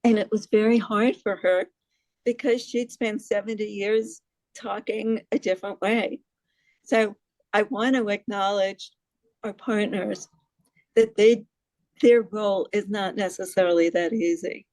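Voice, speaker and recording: A woman's voice: mid-range voice, fairly even intonation, a little slow, darkish tone, no room sound, poor audio. A middle-aged woman from New York City gives a casual presentation to a group, asks the audience questions and laughs at herself. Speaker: presenter on hearing loss advocacy.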